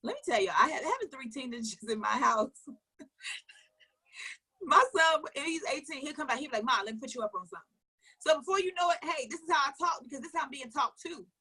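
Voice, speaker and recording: A woman with a high, bright voice gives a motivational coaching talk. She talks emphatically, fires question after question, and repeats her points. Now and then she drops into low asides. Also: expressive, a little fast. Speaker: network marketing coach.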